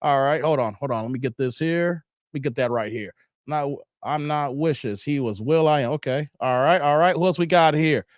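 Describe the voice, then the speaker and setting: A man hosting a casual livestream, animated and slangy, laughing often and reading chat messages aloud. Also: a little high, a little fast, dry recording, studio quality. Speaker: livestream host.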